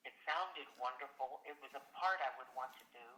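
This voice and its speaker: An older actress recounts her career with lively, exclamatory energy, her voice bright and ringing. The sound is echoey, as if taped in a reverberant room. She talks like a seasoned storyteller. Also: rumbling low, a little fast. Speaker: actress being interviewed. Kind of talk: casual storytelling interview.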